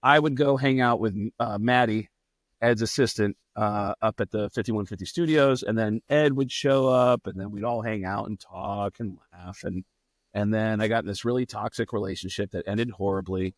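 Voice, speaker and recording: A middle-aged man, a comedian guest on a podcast, telling a long casual anecdote in a profane, animated way and acting out what other people said. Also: lowish voice, moderate pace, dry recording, clean studio sound.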